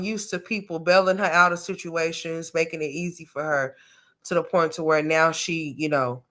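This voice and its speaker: Brief: lower-voiced woman livestream host, folksy, down-to-earth, chatting with her viewers. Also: sharp tone. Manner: folksy, calls people honey and sweetheart. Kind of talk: casual livestream commentary. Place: home, camera off.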